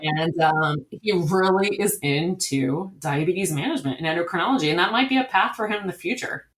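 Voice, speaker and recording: In an echoey room, a woman on the low side of the pitch range talks briskly as the guest in a conversational interview. She directs a diabetes camp and tells her stories eagerly and at length.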